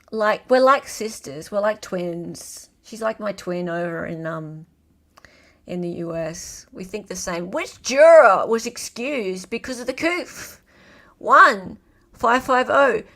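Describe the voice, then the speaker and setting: An Australian woman hosts a casual trivia game on a live stream. Her voice sits high, and she takes her time. She reads each multiple-choice option in a playful, chatty way.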